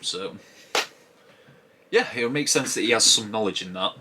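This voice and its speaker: A man's voice: fairly low pitch, moderate pace, noisy background. A man giving a casual spoken review of a TV episode, musing aloud and rambling with frequent restarts.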